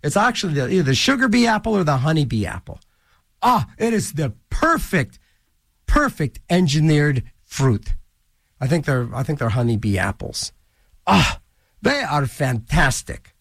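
Radio DJ, man, high lively voice, jokey and rambling, dry close studio mic. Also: normal speed, creaky, dry recording. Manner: goofy, rambling, jokey asides. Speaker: college radio DJ. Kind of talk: casual radio DJ patter.

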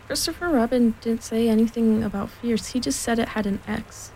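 A woman reads a children's storybook aloud in a gentle, unhurried voice. Her tone is mellow and a little high, and soft rain patters faintly behind her. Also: a little hiss or hum, rough recording. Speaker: reader.

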